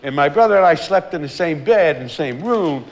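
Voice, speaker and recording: Older man, candid documentary storyteller, lively pitch, laughs a lot. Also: brisk. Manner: animated anecdotes, laughing often, acting out quotes. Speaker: artist recalling his life.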